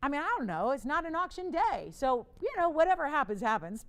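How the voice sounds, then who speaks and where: A woman's voice: high voice, very animated, a little fast. Chatty woman hosting live jewelry auction. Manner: chatty, playful, laughs often, urges bidders. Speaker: TV shopping host. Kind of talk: live shopping auction pitch. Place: TV studio.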